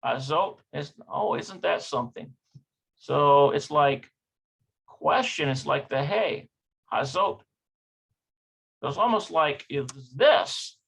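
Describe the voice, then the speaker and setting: A man leads an unhurried online language lesson, hesitating and checking each pronunciation as he goes. His voice sits a little high, with a bright tone and a gravelly fry. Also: animated. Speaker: Hebrew teacher.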